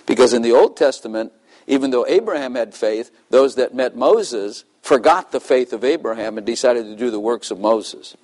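A man's voice: mid-range voice, expressive, normal speed, darkish tone, poor audio. An older man preaching a sermon in a loose, conversational way, asking the congregation questions and chuckling between points. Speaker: pastor.

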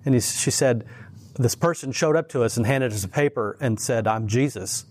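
A man with a voice of ordinary, middle pitch who teaches at church and tells faith stories in a relaxed conversation. He speaks earnestly and with animation. He often stumbles and restarts as his thoughts run ahead. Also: normal speed. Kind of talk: casual faith conversation, storytelling.

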